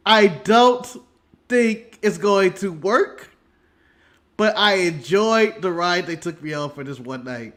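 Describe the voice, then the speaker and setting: A man from the United States co-hosting a podcast, telling stories in an animated way with frequent laughs and casual swearing. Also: high voice, takes it slowly. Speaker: podcast co-host. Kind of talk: casual wrestling recap chat.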